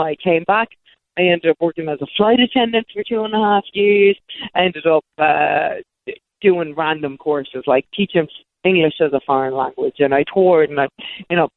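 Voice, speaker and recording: A woman's voice: low-pitched, no echo. A woman in her thirties telling long personal stories as an interview guest, rambling with frequent restarts. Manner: rambling, self-correcting restarts. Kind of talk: candid storytelling. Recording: tinny phone-like line, dry.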